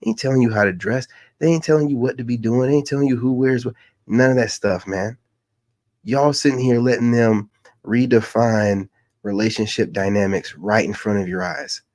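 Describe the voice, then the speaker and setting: A man's voice: medium pitch, moderate pace, a little mellow, dry recording. A man hosting a casual reaction commentary in a loose, slangy way. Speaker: commentary channel host.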